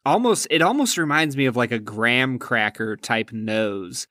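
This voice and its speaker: A man's voice: medium pitch, animated, moderate pace, sharp tone, no room sound. Curious casual man co-hosting, dry sound. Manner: curious, loose and questioning. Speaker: podcast co-host. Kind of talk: casual podcast chat.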